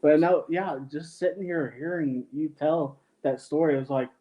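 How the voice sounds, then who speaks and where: A man hosting a podcast, chatting casually with a guest and asking questions in a relaxed way. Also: a little high, normal speed, muffled recording. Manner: relaxed, brief acknowledgements. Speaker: podcast host. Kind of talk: casual interview chat.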